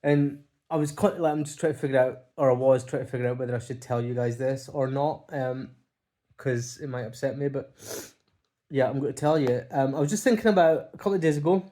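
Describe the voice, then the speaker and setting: A man talking to camera from home in a halting, heartfelt monologue. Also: mid-range voice, dark tone. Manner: halting, heartfelt, many restarts and fillers. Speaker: vlogger. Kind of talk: casual emotional monologue. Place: home, by a window.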